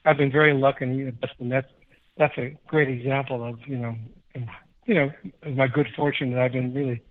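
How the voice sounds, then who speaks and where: An older man from Chicago, a guest musician, telling rambling, animated anecdotes in a casual interview. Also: medium pitch, moderate pace. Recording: tinny phone-like line.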